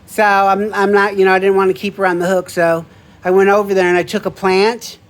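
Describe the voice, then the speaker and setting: A man casually telling a story to camera, chatty and excitable, laughing easily. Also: high-pitched, fairly quick. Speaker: vlogger.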